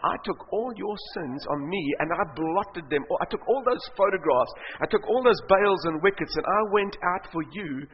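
A man voicing Jesus as a joyful, gentle judge who reassures a believer. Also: sits high, animated, normal speed, hardly any pauses, a little hiss or hum. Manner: warm, reassuring. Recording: echoey hall, dull sound.

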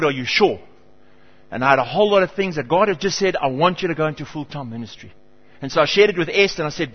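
A middle-aged man preaching a sermon as pastor, telling stories and acting out the people in them. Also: fairly high pitch. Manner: animated storytelling, acts out quoted voices. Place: church hall. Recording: dull reverberant church hall.

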